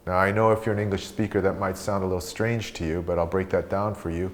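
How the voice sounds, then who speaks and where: A man leading a guided meditation, speaking slowly and calmly as he teaches breathing and a question practice. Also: low voice, slight background noise. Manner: slow, calm guiding voice.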